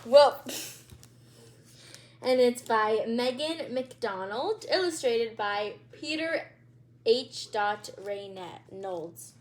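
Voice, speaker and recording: A woman's voice: a little high, animated, drawn-out words. A woman hosting her channel and reading a children's book aloud, with chatty asides and a few stumbles. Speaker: channel host, read-aloud reader.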